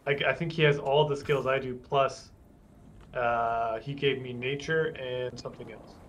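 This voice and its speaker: A man playing in a tabletop game, relaxed and a bit hesitant while checking rules. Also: mid-range voice, measured pace, a little hiss or hum. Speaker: player. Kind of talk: casual tabletop play.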